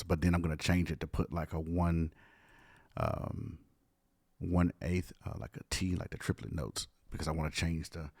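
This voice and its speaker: A man's voice: sits low, a little mellow, dry recording. A man music producer, casually talking viewers through a live studio session. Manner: casual, talks through his work with viewers.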